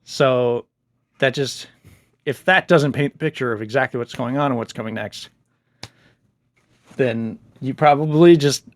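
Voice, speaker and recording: A man's voice: mid-range voice, measured pace, pauses often, no echo. Enthusiastic man chatting about a book. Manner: enthusiastic, chatty, laughs often. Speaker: book reviewer. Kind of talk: casual book review vlog.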